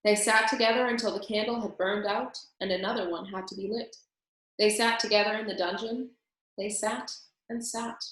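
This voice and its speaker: Woman reading a storybook aloud, expressive, mid-range voice, very echoey room. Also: mid-range voice, moderate pace. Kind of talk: reading a children's book aloud.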